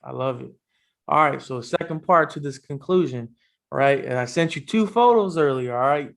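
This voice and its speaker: A man hosting a casual sports interview podcast, talking in a relaxed, loose way with many fillers. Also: mid-range voice, normal speed, creaky. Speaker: podcast host.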